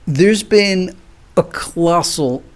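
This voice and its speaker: Man, slightly raised pitch, solo commentary, rhetorical questions, rambling delivery. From United States. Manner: rhetorical questions with drawn-out "hmm" pauses. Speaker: video commentator. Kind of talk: solo political commentary monologue.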